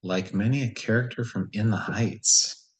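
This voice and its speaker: Low, slow-talking man thinking aloud. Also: steady tone, low-quality recording. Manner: musing, self-questioning, casual. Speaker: puzzle solver. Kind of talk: thinking aloud while solving a puzzle.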